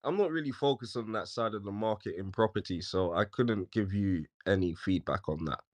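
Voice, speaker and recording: A man's voice: lowish voice, a little fast. A man with a British accent, calling into a live stream and giving short, laid-back answers. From United Kingdom. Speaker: caller from the audience.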